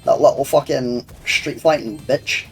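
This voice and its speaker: Over faint game music, a young man streams a game and trades crude banter with his chat, rambling and laughing often in casual stream talk. He speaks at a measured pace with a medium-pitched voice marked by vocal fry.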